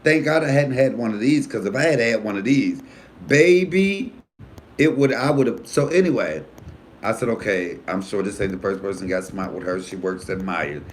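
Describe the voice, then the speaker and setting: An American comedian runs his own YouTube live stream, talking casually and frankly and swearing plenty. He tells stories with lots of animation, his voice leaping up high whenever he quotes his friends. He speaks briskly over a faint hiss or hum.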